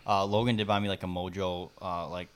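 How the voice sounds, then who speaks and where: A man's voice: low voice, level tone, brisk, smooth. A man co-hosting a podcast, talking in a rambling, casual way with lots of fillers and laughs. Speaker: podcast co-host. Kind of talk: casual chat.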